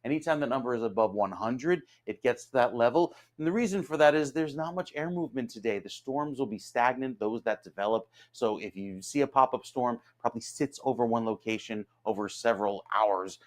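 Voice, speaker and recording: A man's voice: mid-range voice, a little fast, few pauses. New man giving the weather. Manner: steady, informal forecasting with fillers. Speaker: meteorologist. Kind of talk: weather forecast.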